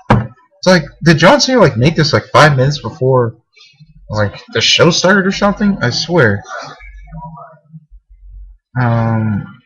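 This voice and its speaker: A man's voice: medium pitch, poor audio. A man reviewing a wrestling show in a casual, rambling way, full of hesitations and the odd swear word.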